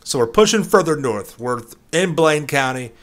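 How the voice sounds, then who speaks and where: A man's voice: a little high, lively intonation, normal speed, a bit bright. A young man giving playful gameplay commentary, hamming up a mock-dramatic story with streetwise slang. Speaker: gaming YouTuber.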